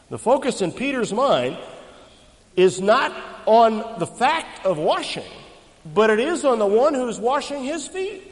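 A male preacher with a high, animated voice that rises and falls dramatically. He speaks emphatically and tosses questions out to the congregation. His words ring out with the long reverb of a large church. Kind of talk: expository sermon.

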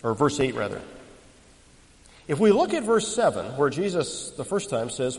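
A male preacher with a high, animated voice that rises and falls dramatically. He speaks emphatically and tosses questions out to the congregation. His words ring out with the long reverb of a large church. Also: moderate pace. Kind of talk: expository sermon.

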